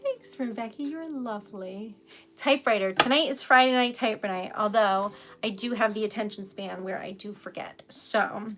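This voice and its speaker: A woman's voice: mid-range voice, normal speed, background noise. Giggly, rambling woman livestream host. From New England. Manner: giggly, emotional, rambling with fillers. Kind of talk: casual chat with live viewers.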